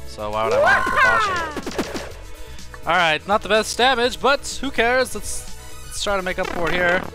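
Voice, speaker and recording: A man narrates his own gameplay, cursing freely. His voice swings hugely in pitch, and he breaks into screams at the hard parts. Game music plays steadily behind him. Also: moderate pace. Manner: profane, excitable, screams when in danger. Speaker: gaming video host. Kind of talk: playing a game and commenting live.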